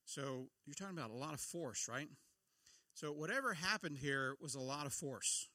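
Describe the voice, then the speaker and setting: A man's voice: on the high side, expressive, moderate pace, pushed and bright, dry recording. A middle-aged man giving a conversational sermon, often asking his listeners questions. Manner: conversational, asks the audience questions. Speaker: pastor.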